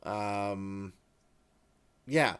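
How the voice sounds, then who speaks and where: Man, casual chat, hesitant, guarded, crisp voice, unhurried. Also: fairly low pitch, a bit bright. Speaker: creative director and player.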